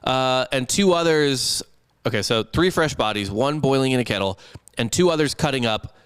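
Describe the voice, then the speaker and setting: Young man, comedy podcast co-host, rambling storyteller, profane, smooth clear voice, middle pitch. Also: animated, normal speed, a bit bright. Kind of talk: casual comedic history chat.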